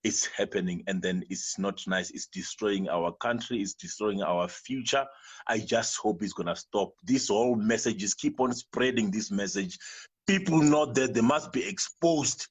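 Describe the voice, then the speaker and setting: Earnest, husky Zimbabwean man. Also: lowish voice, moderate pace. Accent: Zimbabwean English. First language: Venda. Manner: earnest, repetitive, with many restarts. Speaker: guest. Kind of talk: emotional personal testimony.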